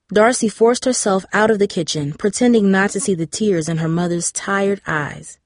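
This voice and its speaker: A woman narrating a novel in a measured, steady storytelling manner. Her voice sits at a middle pitch. The close studio mic keeps it dry, with no room sound. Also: dry recording. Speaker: audiobook narrator. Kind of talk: scripted narration.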